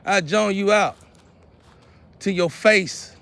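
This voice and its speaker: A man, lecturing and scolding his viewers in a preachy monologue, often clearing his throat. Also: high-pitched, takes it slowly, a bit bright. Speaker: vlogger.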